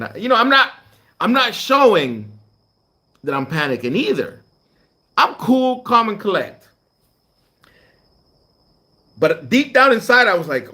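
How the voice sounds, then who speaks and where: A man's voice: sits high, normal speed, pauses often. A man who hosts a channel for truck drivers, chatting casually with viewers and acting out the dialogue of his stories with lots of energy. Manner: animated storytelling, acts out dialogue. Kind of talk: casual live chat with viewers.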